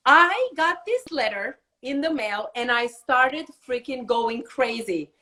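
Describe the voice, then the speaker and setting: Bright, lively woman telling a story. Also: on the high side, slow pace. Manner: animated, laughs often. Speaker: podcast guest. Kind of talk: casual storytelling.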